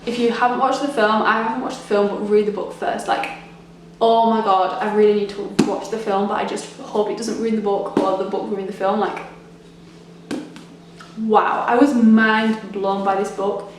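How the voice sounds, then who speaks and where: This vlogger's voice sits at medium pitch with little rise or fall, and she talks at a moderate pace. Chatting casually around her home, the young woman rambles, full of ums and restarts. The recording picks up room echo and a bit of faint noise.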